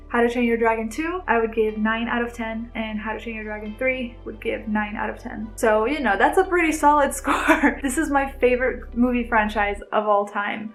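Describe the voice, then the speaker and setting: A woman's voice: on the high side, poor audio. A woman vlogger chatting to camera about a film she loves, gushing and giggly, rambling with restarts. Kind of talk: casual chat to camera.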